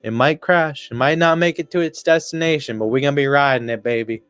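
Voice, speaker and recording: A man's voice: medium pitch, fast talker, a bit bright, clean tone, no echo. Profane, rambling male sports streamer. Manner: rambling, profane, laughs while talking. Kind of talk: casual live game commentary.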